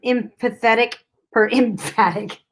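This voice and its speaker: A woman's voice: fairly high pitch, unhurried. A woman co-hosting a giveaway livestream, chatting casually and laughing often. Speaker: co-host.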